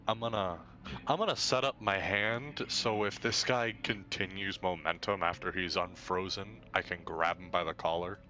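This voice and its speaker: A man with a very deep yet bright, forceful voice plays a tabletop game in an easygoing way. His mic sounds dull and lo-fi, with soft music behind. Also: fairly even intonation, normal speed. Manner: easygoing, describing his character's moves. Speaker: player. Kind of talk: casual tabletop play.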